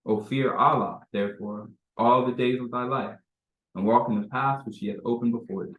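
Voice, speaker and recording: A man reading scripture aloud at a religious meeting in a measured, solemn recitation. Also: medium pitch, steady tone, phone-quality sound. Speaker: temple member reading scripture. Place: temple meeting hall. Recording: echoey room.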